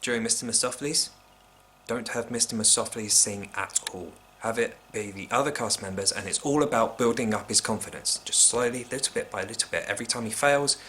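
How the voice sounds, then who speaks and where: Bright-voiced man giving wry critique. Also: on the low side, fairly quick, slight background noise. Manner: opinionated, wry, drops to hushed asides. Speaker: vlogger reviewing a film. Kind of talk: casual critique monologue.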